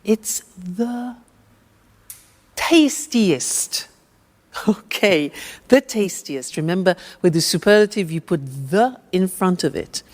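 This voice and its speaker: A woman teaching English at a deliberately unhurried pace, spelling out each form clearly and patiently. Her voice sits a little low and carries a long reverb tail. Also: expressive. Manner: patient, over-enunciated, prompting. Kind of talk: slow, drilled language lesson.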